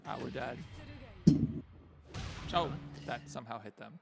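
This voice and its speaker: A man's voice: mid-range voice, a little slow, gravelly, a bit bright, faint music behind. A man streaming a fighting game, chatting casually and reacting with laughter. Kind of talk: casual gameplay chat.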